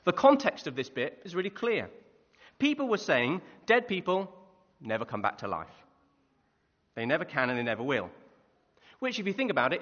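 The muffled, echoing audio captures a man preaching in a church hall at normal speed, his voice fairly high. He keeps things lively with stories and questions aimed at the audience.

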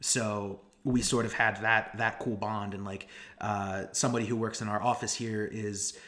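Young male podcast co-host, lower register, from Pennsylvania, loose and rambling. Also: level tone, moderate pace, a bit bright. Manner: rambling, many restarts and fillers. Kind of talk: casual chat.

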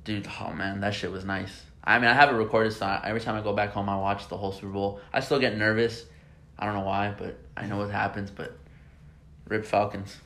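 Young man telling excited stories. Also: fairly low pitch, brisk, gravelly. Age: young adult. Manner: excitable storytelling, swears freely. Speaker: podcast host. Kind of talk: casual chat.

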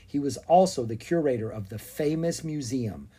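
Storybook narrator, expressive read-aloud, lively pitch, husky. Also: moderate pace. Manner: animated, expressive reading.

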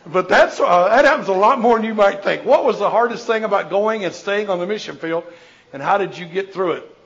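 An older man, a missionary, answering audience questions in an informal talk. He rambles through jokey, animated stories with many restarts. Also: sits high, fairly quick, dull audio.

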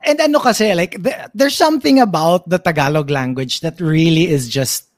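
A woman's voice: fairly low pitch, moderate pace, no echo, studio quality. A woman in casual podcast chat, switching between English and Tagalog and acting out quoted lines as she tells a story. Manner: animated storyteller, acts out quoted voices. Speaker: podcast co-host.

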